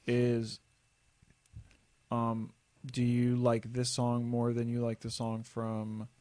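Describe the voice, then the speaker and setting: A man's voice: medium pitch, completely flat delivery, slow pace, dark tone. Teasing man co-hosting a podcast. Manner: teasing, asks pointed questions. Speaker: podcast co-host. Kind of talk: casual podcast chat.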